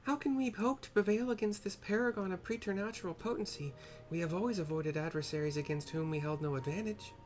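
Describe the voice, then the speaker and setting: Man doing Kokoboha, a high timid mage. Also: fast talker, hardly any pauses, darkish tone, faint music behind, close to an everyday voice. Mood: worried. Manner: lofty, alliterative, timid. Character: small timid male mage, fond of alliteration.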